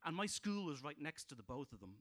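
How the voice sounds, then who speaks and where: A man's voice: a little high, big pitch swings, quick pace, a bit bright. A man with a Dublin Irish accent performing a stand-up set, dry and hesitant with frequent ums and restarts. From Ireland. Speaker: stand-up comedian.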